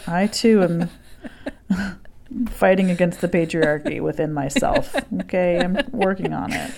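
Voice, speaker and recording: A woman co-hosting a podcast in casual, relaxed chat, often soft-spoken. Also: fairly low pitch, unhurried, vocal fry, slight background noise. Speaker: podcast co-host.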